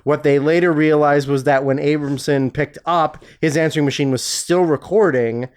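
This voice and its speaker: A man co-hosting a relaxed film podcast, his voice sitting a little high for a man. He reads out trivia and drops dry, jokey asides in an easygoing way. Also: normal speed, clear, resonant tone. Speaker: podcast co-host. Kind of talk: casual film podcast chat.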